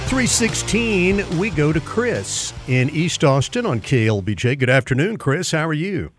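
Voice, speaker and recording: Brisk male radio talk host. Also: on the high side, sing-song, music in the background. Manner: brisk, businesslike.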